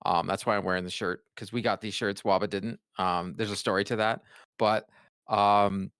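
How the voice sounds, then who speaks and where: A man's voice: lowish voice, fairly even intonation, normal speed, fairly bright tone, clear, resonant tone, no room sound, clean studio sound. A man with a Boston accent, co-hosting a podcast and telling rambling stories in casual chat. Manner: rambling storyteller with many restarts. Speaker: podcast co-host.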